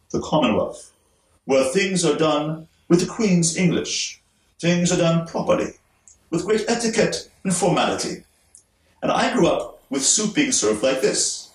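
A man from Canada, teaching through a conversational story with demonstrations. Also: mid-range voice. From Montreal, Canada. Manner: conversational, illustrative, gently humorous. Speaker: relationship teacher. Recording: roomy, distant mic.

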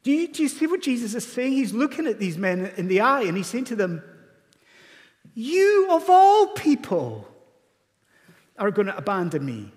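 A man's voice: high-pitched, lively intonation, quick pace, few pauses. A Scottish man preaching a sermon from the pulpit, asking the congregation questions and building to emphatic peaks. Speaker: pastor. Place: church sanctuary. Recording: long church reverb.

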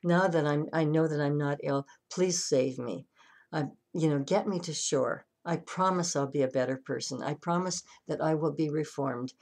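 A woman's voice: low voice, normal speed, darkish tone. A woman voicing a desperate middle-aged man who pleads and bargains with God. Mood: pleading.

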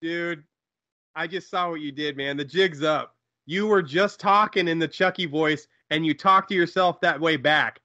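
A man's voice: a little high, moderate pace, pushed and bright. A man co-hosting a riffing movie commentary in a laid-back, wry way. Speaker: co-host.

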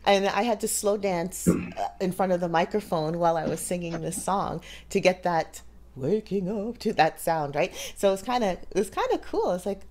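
A woman hosting a casual chat, talkative and quick to laugh. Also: lowish voice, lively intonation, darkish tone. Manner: chatty, laughs easily. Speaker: host.

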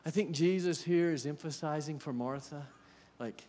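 A man's voice: fairly high pitch, moderate pace, warm tone, a little hiss or hum. Conversational man preaching in a church. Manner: conversational, asks the congregation questions. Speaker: guest preacher. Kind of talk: sermon. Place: church sanctuary. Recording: long church hall reverb.

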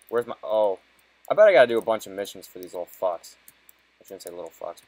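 A young man's fast, expressive voice, on the low side and a little mellow, carries his casual video game commentary. As a let's-play gamer he swears nonstop, joking amid his frustration, in a low-quality recording with no room sound.

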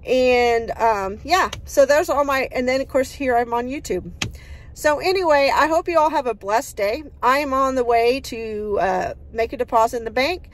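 A cheerful woman talks loosely to her followers outdoors, wandering from topic to topic with plenty of "uh"s. Her voice sits a little high for a woman, friendly and folksy. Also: moderate pace, slight background noise. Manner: folksy and upbeat, rambling with fillers. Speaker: vlogger. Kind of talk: casual chatty vlog.

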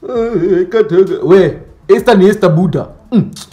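A man doing a comic monologue about school types, animated and mock-outraged, dropping Swahili slang. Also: sits high, normal speed, reverberant. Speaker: comedy sketch creator. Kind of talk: comedic monologue with skits.

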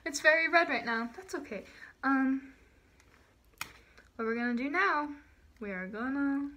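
Teen girl vlogger, high-pitched, unhurried, giddy and rambling. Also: lively intonation, bright, forceful tone, slight background noise. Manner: giddy, rambling, self-conscious. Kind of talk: casual unboxing vlog.

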